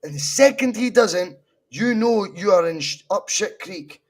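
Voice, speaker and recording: A man's voice: high voice, lively intonation, measured pace. A Scottish man in a casual football podcast chat, blunt and opinionated, swearing freely. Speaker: podcast co-host.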